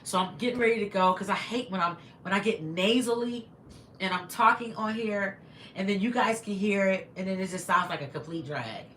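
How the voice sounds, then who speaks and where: Bright-voiced woman chatting on a livestream. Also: mid-range voice, a little fast, a little hiss or hum. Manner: effusive, thanks viewers over and over. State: slightly congested. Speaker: livestream host. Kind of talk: casual live chat reading viewer comments. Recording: echoey room.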